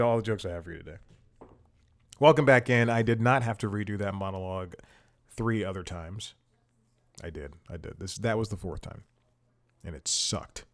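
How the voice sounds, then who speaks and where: A man's voice: medium pitch, a bit bright, slight background noise. A man hosting a casual comedy recap show, telling stories in a rambling, self-interrupting way. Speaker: host.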